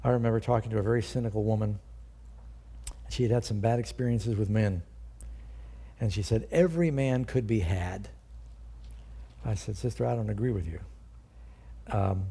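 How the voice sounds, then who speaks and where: Older guy pastor giving a sermon, mellow kinda raspy voice, talks like a chat. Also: medium pitch, moderate pace, pauses often. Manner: conversational Bible teaching with rhetorical questions.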